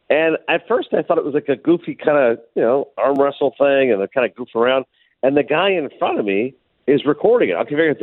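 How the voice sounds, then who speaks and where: A man co-hosting a radio show, telling stories in casual banter, animated and quick. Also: a little high, no room sound. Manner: animated storyteller, quick and lively. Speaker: radio co-host. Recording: phone-like radio line.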